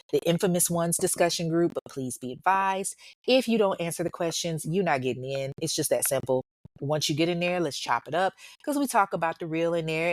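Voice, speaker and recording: A woman's voice: sits low, dry recording. Blunt, outspoken woman podcast host. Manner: blunt, outspoken, swears freely; chatty, informal, addresses listeners as y'all. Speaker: true crime podcast host. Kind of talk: casual podcast chat and outro.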